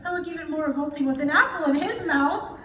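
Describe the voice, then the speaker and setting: A woman playing the Wicked Witch, high and gloating. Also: quick pace, pushed and bright, slight background noise. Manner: taunting, theatrical, gloating. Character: cackling, sneering wicked witch, female, cruel. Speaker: stage actor in a school musical. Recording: distant phone recording in an echoey auditorium with music.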